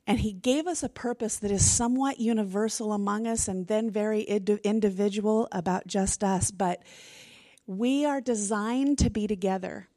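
A middle-aged woman teaching a women's Bible study in a casual, expressive way, often restarting her sentences. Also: medium pitch, moderate pace, no echo. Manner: chatty and expressive, with frequent restarts. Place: room with a group of women.

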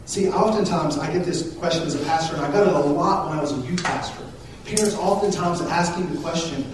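A man in his thirties, a pastor giving a conversational, animated sermon with asides and jokes. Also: a little high, brisk. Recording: echoey hall, speaker far from the mic, faint noise.

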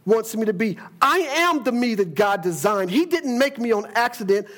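High-voiced man preaching a sermon. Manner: emphatic, repeats words, quotes scripture.

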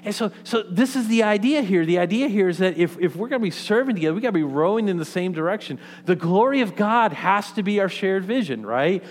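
A man's voice: high voice, expressive, a little fast, hardly any pauses. A man preaching a sermon in a conversational way, often checking in with "okay?" and "right?" and restarting his sentences. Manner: frequent restarts and repeated words. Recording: long hall reverb.

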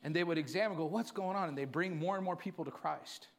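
A man preaching a sermon to his church, moving from quiet storytelling to fervent, emphatic preaching. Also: on the high side, quick pace, gravelly. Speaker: pastor.

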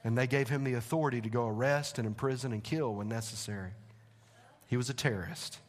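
A male pastor, preaching a sermon in a church with animated, conversational asides. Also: mid-range voice, fast talker. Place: church sanctuary. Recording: long hall reverb.

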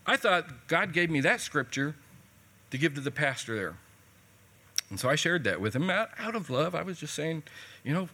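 A man's voice: a little high, very animated, moderate pace, pushed and bright. A man preaching a sermon in a conversational, folksy way, telling a personal story and retelling what people said.

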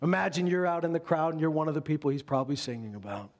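A male pastor delivering a conversational sermon to a congregation, animated and full of quick asides. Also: on the high side.

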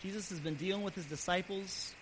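A man pastor preaching a sermon earnestly, his voice swelling louder and then dropping soft. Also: high-pitched, a little fast. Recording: steady background hiss.

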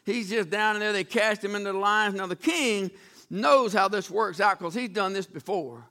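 A man's voice: sits high, moderate pace, bright, forceful tone. A man preaching a sermon, retelling Bible stories in a folksy, dramatic way with acted-out voices. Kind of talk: storytelling sermon.

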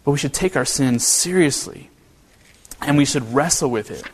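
A man's voice: mid-range voice, normal speed, slight background noise. A man preaching a sermon as a pastor, talking in a conversational way with many rhetorical questions and restarts. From northern Kentucky. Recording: long reverb of a hall.

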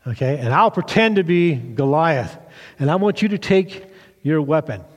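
Male pastor doing a kids' sermon, lively storyteller, kinda high voice, echoey church hall. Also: moderate pace. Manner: animated storyteller, asks children questions. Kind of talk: children's sermon with acted-out story.

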